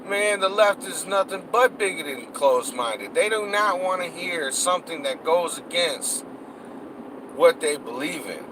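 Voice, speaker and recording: Man, slightly high voice, angry cursing rant, road and engine noise behind. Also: lively intonation, measured pace. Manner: heated, cursing, repetitive. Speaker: political vlogger.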